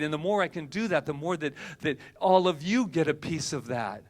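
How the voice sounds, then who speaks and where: A man preaching a sermon to a church congregation, animated, swinging between loud bursts and quiet asides. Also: high voice, brisk, few pauses. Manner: animated, acts out quoted voices, swings loud and soft. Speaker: minister. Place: church service hall.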